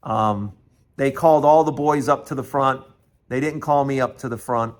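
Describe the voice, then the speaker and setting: A man's voice: mid-range voice, normal speed. A man in his sixties, hosting a show and telling a childhood story, acting out the voices of the people in it with many restarts. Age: 60s. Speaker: host. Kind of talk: storytelling monologue.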